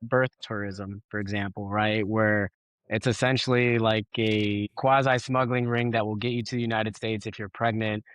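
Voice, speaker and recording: A man who is a guest and former policy official, giving measured, explanatory interview answers and often checking in with "right?". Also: on the low side, a bit bright, dry recording.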